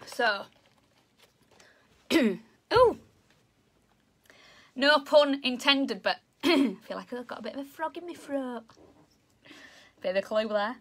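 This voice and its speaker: A woman's voice: high-pitched, expressive, normal speed, a bit bright. A woman with a Yorkshire accent giving a chatty, bubbly online lesson for children, often joking about herself. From Yorkshire, England. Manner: chatty, bubbly, self-deprecating. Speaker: zoo educator.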